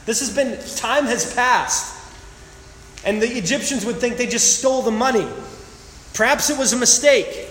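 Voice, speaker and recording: Male pastor with a high voice, dramatic sermon reading, echoey church hall. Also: normal speed, a bit bright. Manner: dramatic scripture reading with emphatic asides. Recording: echoey hall with long reverb.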